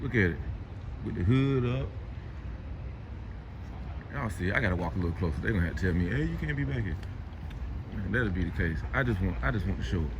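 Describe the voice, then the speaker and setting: A man vlogging casually to his viewers at a car service shop, drawling and tacking "man" onto nearly every phrase, dropping to low mutters and rising to excited high exclaims. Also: quick pace, long pauses, background noise. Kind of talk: casual vlog talk to viewers. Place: car dealership service area, then in a car.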